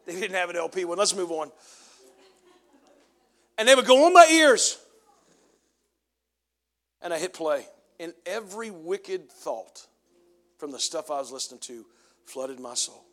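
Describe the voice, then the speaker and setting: Pastor guy, pretty high voice, middle-aged, goes from loud preaching to quiet storytelling. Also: expressive, unhurried, long pauses. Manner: swings from loud preaching to low confessional storytelling. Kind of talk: sermon. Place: church sanctuary.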